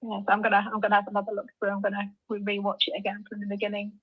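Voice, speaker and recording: A woman speaking as a guest on a live stream, breezy and fast, over muffled lo-fi call audio. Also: mid-range voice, monotone, husky. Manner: fast, breezy, says like a lot. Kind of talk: casual chat.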